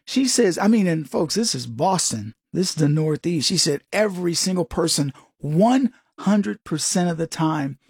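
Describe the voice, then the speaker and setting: Commentary host, husky, dry close mic, sarcastic and animated monologue. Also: medium pitch, normal speed, few pauses, no echo. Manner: animated, sarcastic, talks to the audience.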